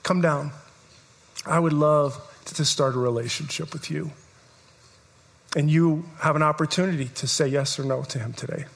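A man preaching a live sermon to a congregation, emphatic and repetitive, building to shouts. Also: on the high side, moderate pace, creaky, long pauses. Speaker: pastor. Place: church service, in front of a congregation.

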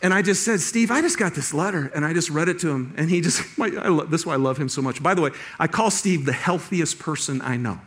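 A middle-aged male pastor giving a sermon, telling a personal story with lively restarts and laughter. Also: fairly high pitch, quick pace, few pauses.

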